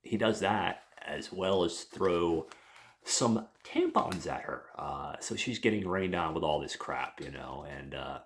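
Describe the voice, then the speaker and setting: A man's voice: low-pitched, lively intonation, measured pace. A man, a podcast host, retelling a comic book plot in a rambling, casual way with lots of fillers and swearing. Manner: rambling, profane, many fillers.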